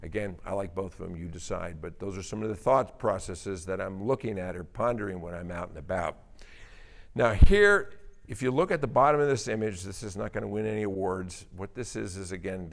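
A man's voice: fairly low pitch, creaky. A man giving a conversational presentation, explaining the stories and thinking behind his landscape photographs with casual fillers. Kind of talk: presentation talk.

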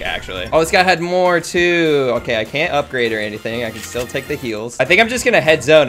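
Excitable man narrating his gameplay. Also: medium pitch. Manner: excitable, jumpy reactions, talks to opponents. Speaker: gaming YouTuber. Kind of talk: live gameplay commentary.

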